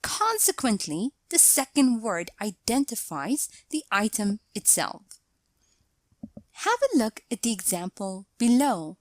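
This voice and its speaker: A woman narrating a scripted English grammar lesson, explaining each point in a deliberate, measured way. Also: a little high, sing-song, dry recording.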